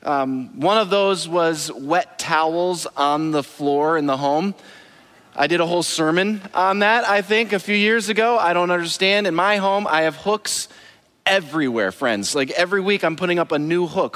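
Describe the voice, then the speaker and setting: Casting: male pastor, slightly high voice, playful and joking with the crowd, church hall with long reverb. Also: normal speed, a bit bright. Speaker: lead pastor. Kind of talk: humorous sermon to a congregation. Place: church auditorium.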